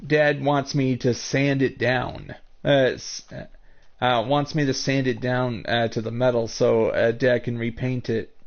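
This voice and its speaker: An American man with a Northern US accent chats with his viewers during a live stream, his voice sitting at an ordinary middle pitch. He rambles and halts, circling back and restarting his sentences. The sound is dull and lo-fi, like a cheap stream mic. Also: flat delivery. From United States. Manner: rambling and halting, full of restarts.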